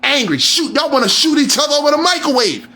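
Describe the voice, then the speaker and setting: A man on a live stream, delivering a heated, profane rant, often shouting and repeating questions at his listeners. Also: very high voice, very animated, fast.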